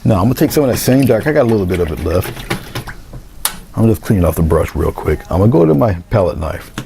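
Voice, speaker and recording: A man with a low, gravelly voice walks through a painting demonstration in a relaxed, step-by-step way. He drifts into soft asides while he works at the easel. A faint hiss sits under the indoor studio recording. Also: fast talker. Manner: relaxed, talks through each step, trails into quiet asides. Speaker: painting instructor.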